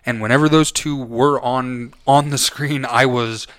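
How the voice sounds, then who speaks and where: A man's voice: mid-range voice, steady tone, a little slow, fairly bright tone, no room sound. A man co-hosting a podcast, giving a casual film review in a rambling way, full of restarts and self-corrections. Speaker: podcast co-host.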